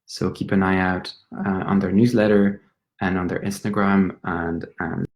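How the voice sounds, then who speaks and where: A man with a French accent, an actor and playwright, thanking viewers in a relaxed, hesitant way with many pauses. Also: deep voice. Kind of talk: livestream sign-off. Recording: roomy echo.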